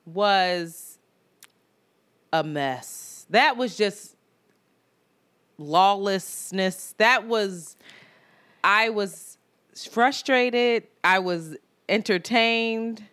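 A woman co-hosting a podcast in casual chat, animated and laughing, jumping from loud outbursts to low mutters. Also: drawn-out words, long pauses, clear, resonant tone. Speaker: podcast co-host.

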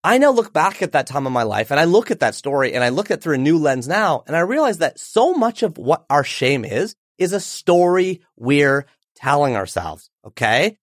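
A man in his forties, an author guest on a podcast, telling a personal story in an animated, emphatic way. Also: on the high side, no echo, studio quality. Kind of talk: storytelling in an interview.

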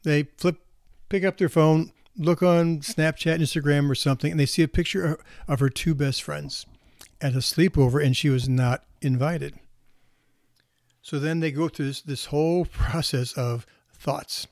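A man who works as a counselor for teenage girls, giving calm advice to parents on a podcast. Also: on the high side, normal speed, no room sound, clean studio sound.

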